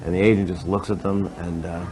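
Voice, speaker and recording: A man's voice: low voice, little pitch movement, fairly quick, darkish tone, poor audio. A male comedian telling a crude joke in rambling stand-up style, laughing through it and breaking off to restart.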